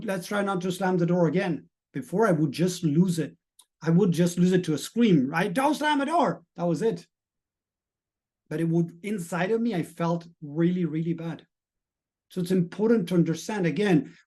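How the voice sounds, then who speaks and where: Earnest high-voiced middle-aged man coaching. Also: darkish tone. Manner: earnest and emphatic, with repeated rhetorical questions. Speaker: mindset coach. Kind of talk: live-streamed motivational talk to a chat audience.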